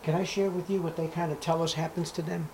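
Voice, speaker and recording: Emphatic preacher man, fairly high voice. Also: little pitch movement, fast, a little hiss or hum, rough recording. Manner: emphatic, swings between loud declaiming and hushed asides; reads scripture in old-fashioned biblical wording. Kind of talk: sermon.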